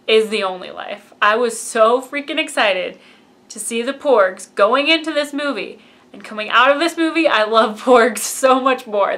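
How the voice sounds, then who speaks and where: A woman's voice: a little high, a bit bright. A woman giving a casual, gushing fan review of a film and acting out lines from it. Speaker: movie reviewer.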